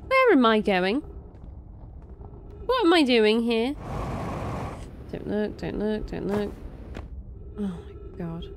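A woman with a medium-pitched, very animated voice speaks slowly with frequent pauses, her voice competing with loud game music and sound effects. A let's play host, she gives gameplay commentary full of jumpy exclamations, sudden swearing, and talk about being scared.

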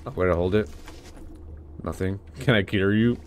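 A chatty man commenting his way through a video game, reacting excitedly and laughing often. His voice sits low. The recording is close and dry, with no room sound. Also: moderate pace, clean tone, dry recording. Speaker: let's play host. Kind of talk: gaming commentary.

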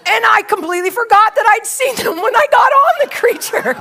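A woman's voice: extremely high pitch, expressive, brisk, few pauses, bright, forceful tone. A woman in her sixties, a pastor, telling a funny story in a sermon and acting out her own part with laughter. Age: 60s.

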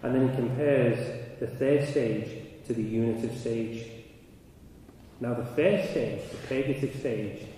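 A man speaking at a conference, his voice rising and growing loud as he tells a story. He is recorded from a distance in a large hall with a long, ringing echo. Steady noise sits under his voice. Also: mid-range voice, takes it slowly. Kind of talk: conference talk. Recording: echoey hall, mic from afar, noisy.

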